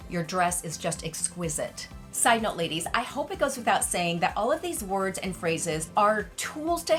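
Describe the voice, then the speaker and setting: A woman's voice: medium pitch, a bit bright. A middle-aged woman presenting etiquette tips in a light, gracious, slightly playful way. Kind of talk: instructional talk to camera.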